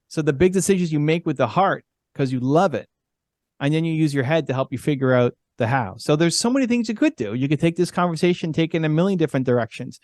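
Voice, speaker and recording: A man's voice: a little high, animated, quick pace, a little mellow, dry recording, studio quality. A man giving an earnest, encouraging motivational talk as guest speaker, repeating himself for emphasis.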